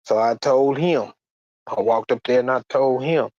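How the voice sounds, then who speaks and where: A man giving a personal testimony in a halting, plain-spoken way, often repeating words and restarting. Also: mid-range voice, a little mellow, dry recording, highs cut off. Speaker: guest sharing a church testimony.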